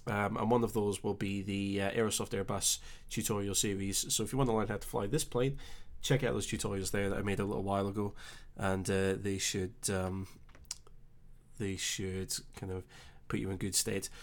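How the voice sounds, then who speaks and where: A young man with a Scottish accent hosting a casual live stream, chatting easily and reading out viewer comments with relaxed filler pauses. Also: on the low side. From Scotland. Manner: chatty and easygoing, thinking aloud with filler pauses.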